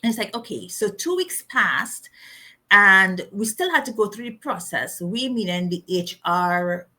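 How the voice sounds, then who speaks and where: A middle-aged woman telling a personal story as an interview guest, animated, laughing often and acting out the voices of people she quotes. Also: lowish voice.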